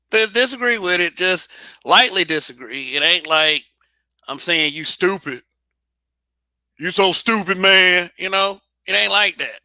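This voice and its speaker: A man holds forth alone in a blunt, casual monologue, swearing freely and tripping over restarts. His voice sits a little high and rings very bright, and the recording is dry and close. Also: no room sound. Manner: blunt, repetitive restarts, profane. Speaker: channel host.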